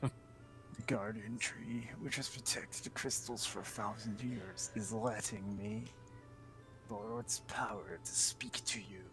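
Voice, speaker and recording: A man voicing a gentle, dying old grandfather warrior, speaking solemnly with a creaky voice. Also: fairly low pitch, fairly even intonation, music in the background, natural voice, low-quality recording. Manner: slow, solemn farewell delivery. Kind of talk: fan voice acting over a game.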